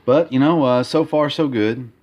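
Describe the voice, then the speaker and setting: A man talking casually in a vlog about his comic art, halting with many fillers and repeated words. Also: medium pitch, lo-fi sound. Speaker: comic artist vlogger. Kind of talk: casual progress-update vlog.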